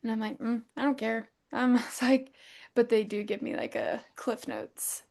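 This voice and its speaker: A woman's voice: fairly high pitch, moderate pace, gravelly. A woman co-hosting a podcast, from the United States, telling stories in casual chat, acting out what others said and laughing often. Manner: animated storytelling, acting out quotes, laughing often. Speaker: podcast co-host.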